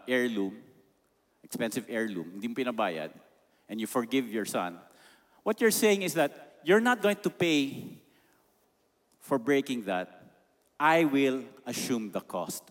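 Emphatic Filipino preacher in a reverberant hall. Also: male voice, medium pitch. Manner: emphatic, mixes in Tagalog phrases. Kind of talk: sermon. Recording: long reverb of a large hall.

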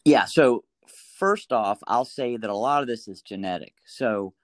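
A middle-aged man, a doctor talking through a story and advice in a casual interview, animated, with frequent restarts. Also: mid-range voice, a little slow, dry recording. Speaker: pediatric doctor guest.

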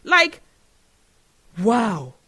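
Earnest man, high bright voice. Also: wildly swooping pitch, extremely slow, breathy edge. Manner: earnest and emotional. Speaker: show host. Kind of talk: solo podcast commentary.

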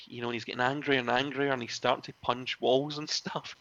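A man, a former wrestling referee, telling animated stories in a casual interview, often laughing and acting out other people's lines. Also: medium pitch, brisk, hardly any pauses, dry recording, lo-fi sound. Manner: animated, laughs often, acts out quoted voices.

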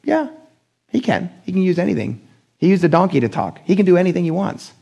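Male pastor, higher voice with gravel, talks to the congregation casually and acts out quotes with pitch jumps. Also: quick pace. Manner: conversational and animated, acting out quoted voices. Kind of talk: sermon.

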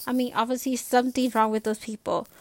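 A young woman reading aloud as a nervous middle-aged mother who speaks quickly and uneasily. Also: on the high side, level tone, a little mellow, dry recording, close to an everyday voice. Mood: uneasy.

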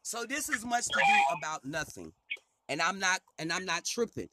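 A man's voice: high-pitched, wildly swooping pitch, normal speed, very noisy. A man hosting a talk radio show, ranting in a heated, profane way and stumbling over repeated words as he gets worked up.

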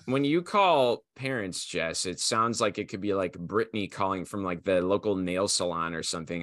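A man co-hosting a podcast in casual chat, teasing his co-hosts with quick jokes. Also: low-pitched, a bit bright. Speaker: podcast co-host.

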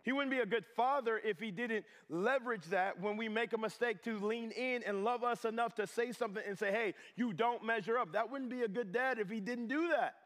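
A middle-aged man preaching a sermon as pastor, animated and swinging between loud and hushed. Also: very high-pitched, fairly quick, hardly any pauses. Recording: reverberant chapel hall.

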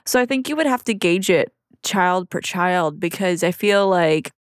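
A woman's voice: lowish voice, lively intonation, unhurried, smooth, no echo, studio quality. A young woman co-hosting a podcast in casual chat, talking freely with lots of fillers and getting emotional. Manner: chatty, full of fillers, gets emotional. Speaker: podcast co-host.

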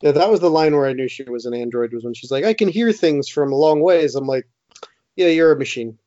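A man co-hosting a podcast in casual chat, teasing the others and quick to jab. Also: medium pitch, dark tone, no echo, dull audio. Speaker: podcast co-host.

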